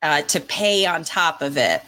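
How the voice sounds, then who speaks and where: A woman in her forties with a bright, forceful voice, chatting casually on a podcast. She tells her stories with animation and laughs often. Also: sits low, lively intonation, unhurried. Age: 40s. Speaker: podcast co-host. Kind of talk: casual chat.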